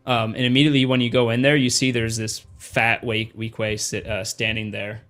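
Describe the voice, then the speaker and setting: Halting male game master narrating. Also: on the low side, little pitch movement, a bit bright, faint music behind. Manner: halting, with many fillers.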